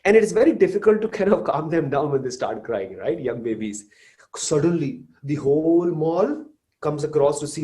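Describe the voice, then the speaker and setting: Guy doing a motivational talk live, super animated, talks right to the crowd, voice bounces all over. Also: on the high side, moderate pace. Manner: animated, addresses the audience directly. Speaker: motivational speaker.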